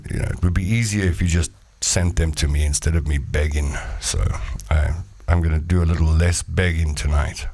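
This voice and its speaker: A man's voice: a bass voice, a little mellow. A man with a South African accent hosting a casual live show. He reads viewer comments and rambles into jokey stories. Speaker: show host. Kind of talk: casual livestream chat reading viewer comments.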